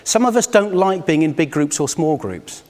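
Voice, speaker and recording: Male facilitator, fairly high voice, reflective and inviting, recorded in an echoey conference room. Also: expressive, moderate pace, a little mellow. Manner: reflective, inviting, personal storytelling. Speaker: workshop facilitator. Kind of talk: live workshop talk to a group. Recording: long hall reverb.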